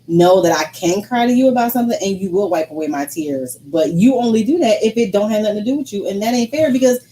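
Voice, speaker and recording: A woman's voice: mid-range voice, expressive, fast talker, dark tone, slight background noise, low-quality recording. A woman co-hosting a casual couple's talk show, speaking frankly and emphatically about her feelings. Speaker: co-host.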